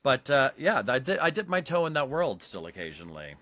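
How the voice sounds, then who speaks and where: A man's voice: mid-range voice, brisk, dry recording. Wry male podcast co-host, dry room. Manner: wry, deadpan joking. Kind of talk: casual chat.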